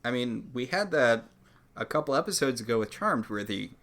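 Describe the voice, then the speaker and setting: Gravelly-voiced man podcast co-host. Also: mid-range voice, expressive, moderate pace, fairly bright tone. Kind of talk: casual recap chat.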